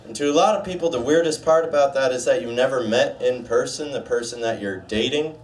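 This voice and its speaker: Young stand-up comic, deadpan delivery, average pitch, recorded slightly distant in a small bar. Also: male voice, brisk. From United States. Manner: deadpan, dark jokes, puts on a gruff low voice for the doctor. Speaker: stand-up comedian. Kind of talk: stand-up set at open mic.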